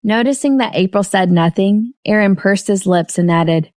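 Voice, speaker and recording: A woman narrating an audiobook novel in steady storytelling. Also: medium pitch, moderate pace, hardly any pauses, no room sound, clean studio sound. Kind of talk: scripted narration.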